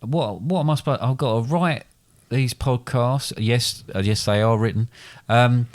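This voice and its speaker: A man's voice: medium pitch, unhurried. A man co-hosting a podcast with his son, joking and rambling in casual chat. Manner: joking, rambling, self-correcting. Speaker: podcast co-host, father.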